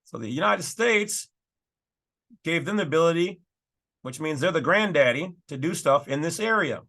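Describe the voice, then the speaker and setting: A man's voice: a little high, animated, normal speed, a bit bright. A man hosting his own channel, casually talking through and reading legal documents with folksy, emphatic asides. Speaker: channel host.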